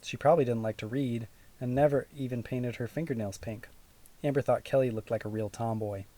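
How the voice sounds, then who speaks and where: A man reading a children's audiobook aloud in a steady, even storytelling manner. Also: mid-range voice, fairly quick. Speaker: audiobook narrator. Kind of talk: scripted narration.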